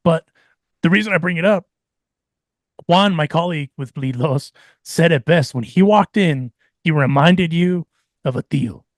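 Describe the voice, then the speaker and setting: A man's voice: a little high, normal speed, long pauses, no room sound, studio quality. A man hosting a podcast, talking in a reflective, casual way and slipping into Spanish phrases. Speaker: podcast host.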